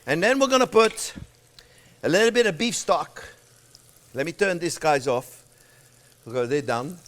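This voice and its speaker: An older man hosting a cooking demonstration, chatting warmly to viewers as friends and laughing often. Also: on the high side, expressive, a little slow, a little hiss or hum. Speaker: cooking show host. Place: home-style kitchen.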